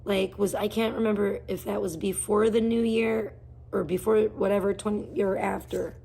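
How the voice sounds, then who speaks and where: A woman on a livestream rants bluntly and swears heavily, jumping between topics in casual chat and greeting viewers in chat by name mid-rant. Her medium-pitched voice is steady, dark, and has vocal fry, at normal speed with slight background noise.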